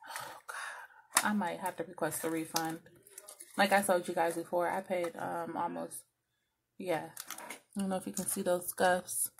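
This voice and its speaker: A woman's voice: lowish voice, flat delivery, normal speed, gravelly, long pauses, noisy background. A woman vlogger and small business owner, chatting casually to viewers as she unboxes packages and vents her frustration, cussing freely.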